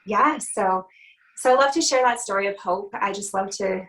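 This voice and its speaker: A woman's voice: mid-range voice, moderate pace, fairly bright tone, low-quality recording. Woman, country singer as interview guest, heartfelt and earnest, mid-range voice, fillers as she recounts. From Canada. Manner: earnest, heartfelt retelling with frequent "you know" and "um". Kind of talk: personal storytelling in an interview.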